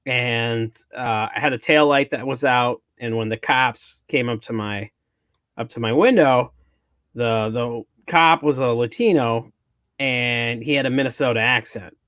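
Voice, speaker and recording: A man's voice: medium pitch, unhurried, a bit bright, no echo, highs cut off. A man hosting a podcast, chatting casually and telling a story, often restarting his sentences. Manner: rambling storyteller, restarts, mock Minnesota accent in quotes. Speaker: podcast host. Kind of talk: casual chat.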